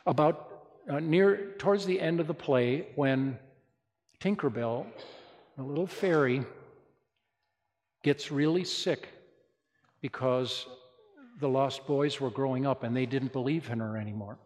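A male pastor preaching a sermon, telling stories in a lively way and speaking straight to his congregation. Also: medium pitch, measured pace, pauses often. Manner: lively storytelling preacher, addresses the congregation directly. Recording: long reverb of a large hall.

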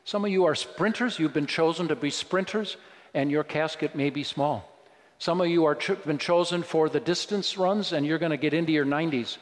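A man's voice: on the high side, normal speed. Preaching man in a reverberant hall. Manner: conversational preaching with sudden emphatic rises. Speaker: pastor. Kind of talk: sermon. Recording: long reverb of a large hall.

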